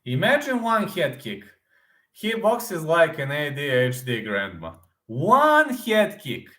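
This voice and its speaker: A man hosting an MMA news reaction, talking casually and excitedly, repeating himself as he acts out fight moves. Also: on the high side, reverberant.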